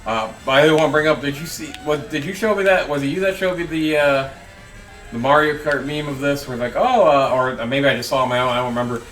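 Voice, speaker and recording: A man's voice: on the high side, fast, a bit bright, far from the mic. A man co-hosting casual gameplay commentary in a laid-back, bantering way, in a roomy off-mic recording with faint game music. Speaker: co-host.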